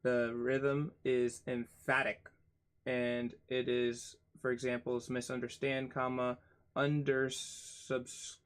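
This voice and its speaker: Slow-reading man spelling words out. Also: mid-range voice, flat delivery, smooth. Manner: slow, spells words out letter by letter, self-mocking asides. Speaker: channel host reading a book aloud. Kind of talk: casual read-aloud lesson.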